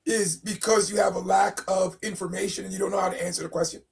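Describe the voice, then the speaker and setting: A man's voice: high-pitched, steady tone, quick pace, creaky, far from the mic. A man co-hosting a Christian talk podcast, asking questions. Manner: asks questions. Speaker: podcast co-host. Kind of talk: casual faith discussion.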